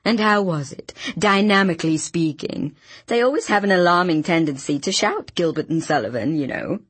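A woman voicing a tiny, flamboyant man who gushes theatrically about music, with a husky voice. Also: fairly low pitch, expressive, moderate pace, no room sound. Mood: gushing. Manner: theatrical, gushing exclamations.

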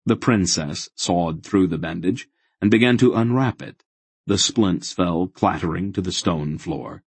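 Deep husky guy reading a fantasy audiobook, dry close mic. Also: no room sound. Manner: steady, measured storytelling. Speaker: audiobook narrator. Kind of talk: scripted narration.

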